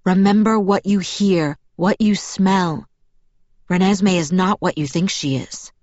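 Woman reading as a male vampire, smooth velvet voice, measured and firm, low-pitched, dull dry recording. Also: darkish tone, no echo, close to an everyday voice. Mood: firm, calm. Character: calm, persuasive male vampire, young-seeming.

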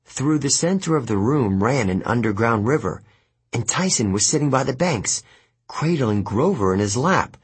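A man's voice: mid-range voice, normal speed, breathy edge. A man reading a first-person novel aloud as an audiobook narrator, voicing each character. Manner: animated storytelling, voices each character.

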